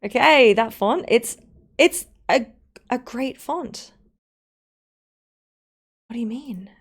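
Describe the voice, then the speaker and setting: Speaking slowly in a fairly high, slightly rough voice with lively intonation, a woman streams herself editing a video. She chats casually to viewers, walking through each step and tossing in playful remarks.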